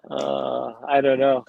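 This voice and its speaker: A man's voice: mid-range voice, gravelly, phone-quality sound. A man calling into a livestream from a grocery store, chatting in an easygoing, agreeable way. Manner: easygoing, agreeable, many yeahs. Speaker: guest caller. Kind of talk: casual chat.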